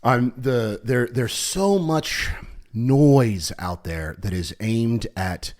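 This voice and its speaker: A man co-hosting a podcast in casual chat, rambling with many fillers and restarts, and getting animated as he retells a story. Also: mid-range voice, drawn-out words. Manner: animated when retelling stories. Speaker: podcast co-host.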